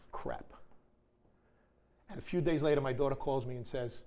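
At a recovery meeting, a middle-aged man shares a candid personal testimony, wry and blunt with the occasional swear word. His voice is medium-pitched and dark, at a moderate pace with frequent pauses.

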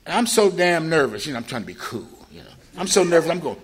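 An older man from Ohio telling his own story in a loose, rambling way, jumping his voice up high when he acts out what people said. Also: quick pace. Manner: animated, acts out quoted people with a raised voice; loose, rambling with frequent "you know" asides. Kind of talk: personal storytelling.

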